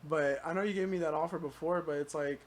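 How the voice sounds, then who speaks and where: A young man as a podcast guest, chatting casually in a halting, rambling way full of "like" and "dude.". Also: on the high side, steady tone, a little hiss or hum. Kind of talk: casual chat.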